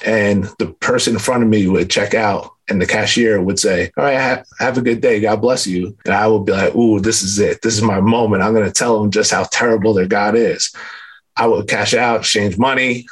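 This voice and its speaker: A man in his thirties sharing a personal faith testimony in a casual, earnest way, with lots of filler words and lively retelling. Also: on the low side, moderate pace, husky. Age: 30s.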